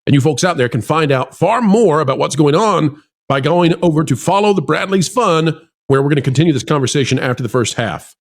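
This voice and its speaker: A man's voice: a little high, animated, fairly quick. A male host of a theme park news show, talking in a hyped, salesy way with joking asides to his audience.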